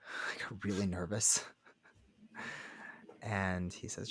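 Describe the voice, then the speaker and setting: A man, a rabbi and counselor, telling a personal story as a podcast guest in an earnest, halting way. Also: low voice, flat delivery, a little hiss or hum. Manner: earnest, halting, many restarts. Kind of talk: conversational storytelling.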